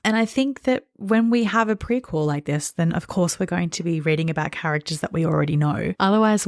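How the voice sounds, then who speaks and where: A woman's voice: low-pitched, gravelly, dry recording, studio quality. A woman co-hosting a podcast in a casual book discussion, earnest and thoughtful, with plenty of fillers like "like" and "you know". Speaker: podcast co-host.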